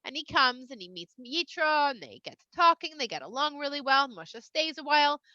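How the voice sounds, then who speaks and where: A woman retells a Bible story for kids in loose, slangy chat, her voice high and bright. The sound is dry and a little dull, like a modest home recording. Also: sing-song, brisk, no room sound. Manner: slangy, playful, conversational. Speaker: storyteller for children. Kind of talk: casual retelling of a Torah portion.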